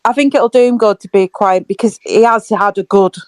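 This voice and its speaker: A woman co-hosting a casual football fan podcast, chatty and quick to giggle. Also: medium pitch, a little mellow, no echo. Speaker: podcast co-host.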